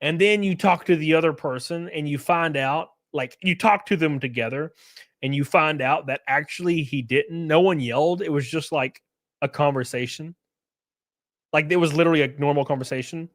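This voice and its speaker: A man's voice: fairly high pitch, normal speed, a bit bright, dry recording, clean studio sound. A man hosting a casual live stream, rambling through effusive thanks to viewers and reading a story aloud.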